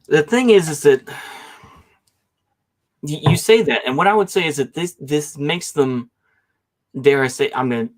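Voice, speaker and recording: A man's voice: fairly high pitch, measured pace, pauses often. Guy rambling thru his debate points, lots of hedging and trailing off. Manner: rambling and hesitant, hedging often. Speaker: debate guest. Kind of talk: online political debate.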